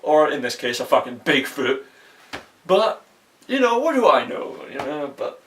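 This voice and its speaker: A young man rants through a movie review in a loose, rambling way, swearing often and restarting his sentences. His voice sits at a middling pitch and sounds a bit far from the microphone. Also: very animated, a little slow, a bit bright, slight background noise. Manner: profane, exasperated, rambling with restarts. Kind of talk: casual ranting movie review.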